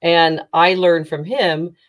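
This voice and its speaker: A middle-aged woman, a career coach and former reporter, telling her story candidly in an interview, animated and often restarting her sentences. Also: slow pace. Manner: animated, with sharp rises in pitch when retelling tense moments; frequent restarts and self-corrections.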